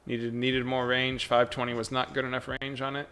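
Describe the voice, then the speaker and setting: A man at a mid pitch, streaming his stock trades live and talking half to himself, half to chat. He mutters in a loose running commentary, repeating short phrases over and over, then breaks into quick excited outbursts. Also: a little hiss or hum. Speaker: live day-trading streamer.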